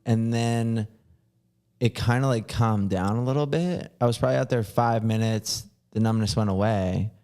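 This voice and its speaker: A podcast host with a lowish, darkish voice, talking at a normal speed, tells a long rambling story. He swears freely and uses "like" as filler again and again.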